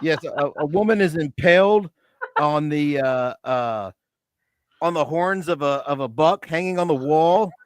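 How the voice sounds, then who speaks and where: Guy co-hosting a podcast, pretty high voice, dry close sound, keeps laughing while he rambles through the plot. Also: unhurried, smooth, no room sound. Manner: animated retelling with frequent laughs and fillers. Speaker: podcast co-host. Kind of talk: casual chat.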